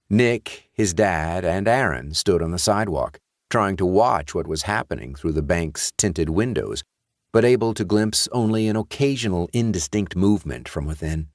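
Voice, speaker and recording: A man reading a horror story aloud in a measured storytelling delivery. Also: deep voice, animated, no room sound, studio quality. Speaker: audiobook narrator. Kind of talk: scripted narration.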